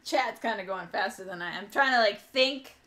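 A woman's voice: medium pitch, a little fast, bright, forceful tone. A young woman hosting a livestream board game session, chatting casually, laughing often and reading the chat aloud. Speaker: board game streamer host.

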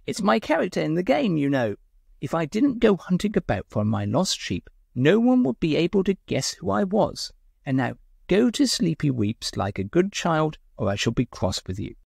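A man voicing a mischievous young gentleman who talks in a breezy, teasing way. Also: fairly high pitch, big pitch swings, moderate pace, vocal fry, breathy edge, no echo, clean studio sound, voice pushed up, full character voice.

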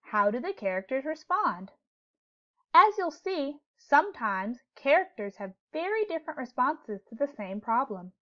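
A woman teacher giving a read-aloud lesson to young children, speaking clearly and gently and asking questions as she goes. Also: high-pitched, very animated, normal speed, dull audio.

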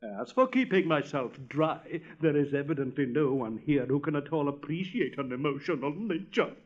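A conceited talking firework rocket, haughty and self-pitying, his voice pitched high and lifted. A man acts him out on a dull old storybook recording. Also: expressive, normal speed. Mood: pompous. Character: vain, pompous male firework rocket.

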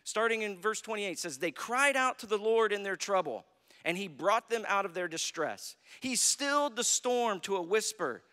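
American pastor guy preaching, bright voice that jumps all over, big church reverb. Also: sits high, lively intonation, moderate pace. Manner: storytelling preacher, acts out quotes, asks "right?". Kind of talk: sermon. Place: church sanctuary. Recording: long hall reverb.

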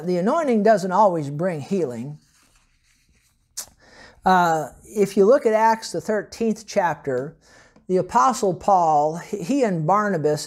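The pastor's voice is high and a little mellow as he delivers a sermon built on personal testimony stories. He's an emphatic storyteller who occasionally laughs between points.

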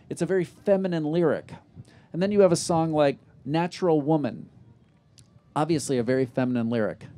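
Man, middle-aged, mellow timbre, animated storyteller, festival stage interview. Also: medium pitch. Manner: animated anecdotes, acts out quoted dialogue. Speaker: interview guest.

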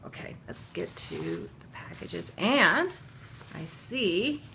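Woman, middle-aged, slow unhurried delivery, gushing and teary, soft whispery asides, faint room hiss. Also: mid-range voice, very animated, creaky. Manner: gushing, tearful, often breathless and whispery. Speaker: vlogger unboxing handmade baby clothes. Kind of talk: emotional unboxing chat to camera.

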